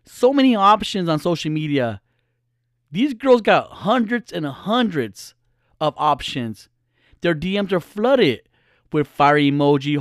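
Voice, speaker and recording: Animated, profane man telling a story. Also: a little high, no echo, studio quality. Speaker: podcaster and social media personality. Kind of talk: casual storytelling monologue.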